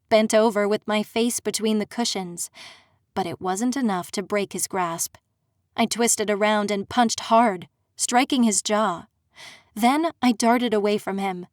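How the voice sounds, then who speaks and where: Woman, audiobook narrator, steady dramatic telling, mid-pitched voice, dry close sound. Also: no room sound. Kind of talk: first-person audiobook narration.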